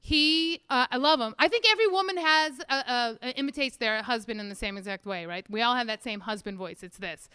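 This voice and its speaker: Loud high brassy woman doing standup, bright tense voice, dry sound. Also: lively intonation, a little fast, clear, resonant tone, dry recording. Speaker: stand-up comic. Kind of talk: stand-up set. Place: show stage without audience.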